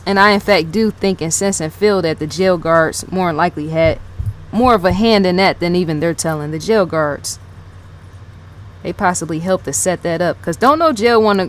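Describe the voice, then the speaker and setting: A woman giving casual unscripted commentary as a channel host, rambling, rereading her notes aloud and repeating herself, with many "yes" and "right?" fillers. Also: mid-range voice. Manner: fills talk with "yes", "right?" and "in fact".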